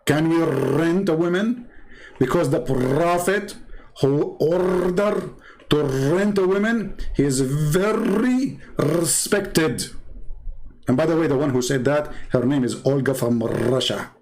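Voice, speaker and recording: A man with a fairly high voice speaks in broken, non-native English. He delivers sarcastic commentary while reading from his screen, with thick mocking irony and abrupt swoops upward in pitch. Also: slow pace, a little mellow. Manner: mocking, with heavy irony and sudden pitch jumps. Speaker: online religious critic.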